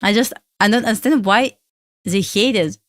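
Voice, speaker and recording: A woman's voice: mid-range voice, normal speed, dry recording, studio quality. A young woman from Belarus with a Russian accent, hosting a casual trading livestream and answering questions from chat with lots of fillers.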